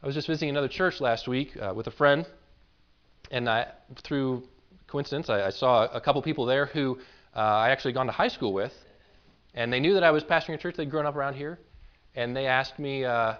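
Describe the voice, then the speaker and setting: A man's voice: fairly high pitch, quick pace, a bit bright, muffled recording. A man pastoring a church, preaching a conversational sermon in an earnest, informal way and often repeating words as he builds a point.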